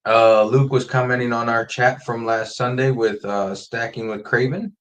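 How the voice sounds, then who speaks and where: A man hosts a laid-back livestream from home, working through viewer names in an easygoing ramble. His voice sits at an ordinary middle pitch, picked up close on a desk mic. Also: moderate pace. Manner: reads out viewer names and greetings in a relaxed, friendly ramble. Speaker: host. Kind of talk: casual livestream chat.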